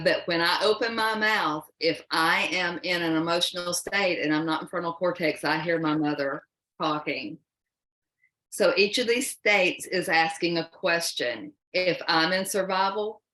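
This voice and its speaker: Woman, low voice, parenting workshop presenter, folksy, emphatic, echoey room. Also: a bit bright. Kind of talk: live workshop talk.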